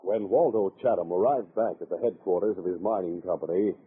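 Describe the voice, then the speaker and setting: Measured male radio drama narrator. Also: sits low, background noise. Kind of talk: scripted 1950s radio narration. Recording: lo-fi old radio broadcast with music.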